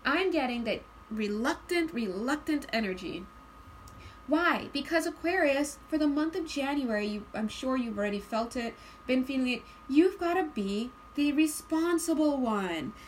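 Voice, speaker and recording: A woman's voice: high-pitched, moderate pace, a little hiss or hum. A woman giving a casual tarot reading, chatty and giggly, sometimes sighing in put-on voices. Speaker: tarot reader.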